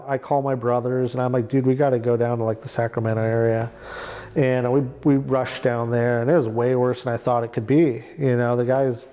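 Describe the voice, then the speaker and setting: A man's voice: medium pitch, dark tone, poor audio. A man from Oregon, probably in his thirties, telling his life story candidly in a rambling, casual way, acting out what people said to him. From Oregon, USA. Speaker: oral history interviewee.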